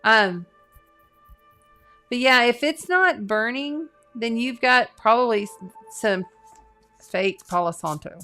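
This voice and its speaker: Middle-aged woman, astrologer on a live stream, bright clear voice, earnest chatty delivery, faint music underneath. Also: a little high, animated, slow pace, long pauses. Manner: chatty and earnest, with frequent fillers and restarts. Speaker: astrologer and tarot reader. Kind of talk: casual live-stream chat reading viewer comments.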